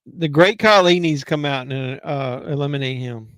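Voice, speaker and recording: A man hosting a live wrestling watch-along, reacting casually with blunt, excitable remarks, heckling and the odd curse, and a voice he says is going. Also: medium pitch, no echo. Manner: excitable, blunt and heckling, with quick asides and swearing. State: losing his voice.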